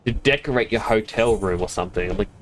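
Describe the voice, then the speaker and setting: A man's voice: lowish voice, fast talker, a little hiss or hum. A man streaming a game, chatting casually in a rambling, self-amused way. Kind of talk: casual chat while gaming.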